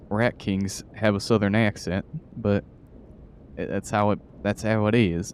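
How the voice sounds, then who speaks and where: Male streamer, low and unhurried, giggly and playful, with faint background noise. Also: fairly even intonation, a little mellow. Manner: playful, laughs often, greets chat. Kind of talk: casual live-stream chat.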